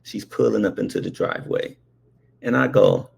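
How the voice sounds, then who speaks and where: A man's voice: fairly low pitch, moderate pace, vocal fry, a little mellow, breathy edge. A man telling a comic childhood story, with frequent asides like okay and all right. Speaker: comedian.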